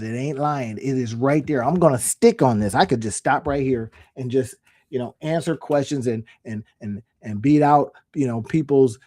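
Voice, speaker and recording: A man with a warm, medium-pitched voice addresses the camera casually in his role as an online business coach. He's homespun in style, stresses his points firmly, and repeats phrases to make them land.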